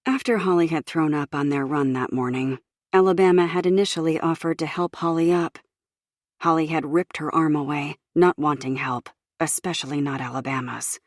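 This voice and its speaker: A woman narrating an audiobook in a measured, even storytelling manner from a recording booth. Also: sits low, no room sound, studio quality.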